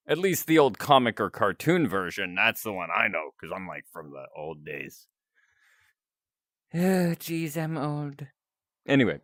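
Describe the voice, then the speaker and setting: A man's voice: lowish voice, sing-song, unhurried, a bit bright, no echo. A talkative male streamer going over viewer requests in an easygoing way, laughing at himself as he goes. His voice moves up and down a lot, and the sound is dry and close to the mic. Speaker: streamer taking chat requests. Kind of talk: casual chat.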